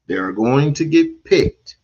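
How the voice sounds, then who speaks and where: A man's voice: mid-range voice, animated, slow pace, darkish tone. A man hosting a livestream talk show, out of breath after exercising, speaking in an emphatic, preachy way. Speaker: livestream host. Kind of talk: casual livestream chat. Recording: dull lo-fi stream audio.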